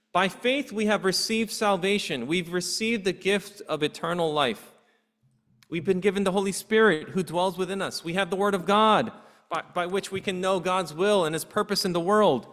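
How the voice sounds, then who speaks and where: Pastor preaching in an echoing church. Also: male voice, high voice, fairly bright tone. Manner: earnest preaching with rhetorical questions. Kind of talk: sermon. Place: church sanctuary. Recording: long hall reverb in a church.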